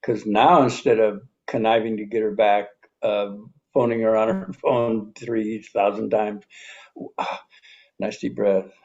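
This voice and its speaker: A man in his seventies giving a reflective teaching talk, unhurried, pausing often and repeating calm self-affirmations. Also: lowish voice, dull audio. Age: 70s. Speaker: speaker on personal healing.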